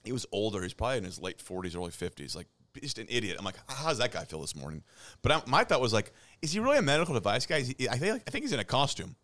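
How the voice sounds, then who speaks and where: Very fast-talking blunt middle-aged man. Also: fairly low pitch, sing-song, pushed and bright, dry recording. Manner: blunt, profane, heated. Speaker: podcast co-host. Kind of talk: casual chat.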